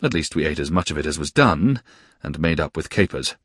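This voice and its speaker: A man reading a classic novel aloud with expressive storytelling. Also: extremely low pitch, a little fast, husky, no room sound, clean studio sound. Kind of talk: audiobook narration of a classic novel.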